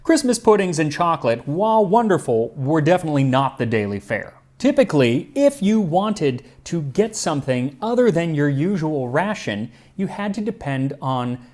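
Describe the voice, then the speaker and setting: A man's voice: a little high, big pitch swings, moderate pace, hardly any pauses, darkish tone. A man hosting a cooking history show, giving scripted narration with dry humor and tasting the food.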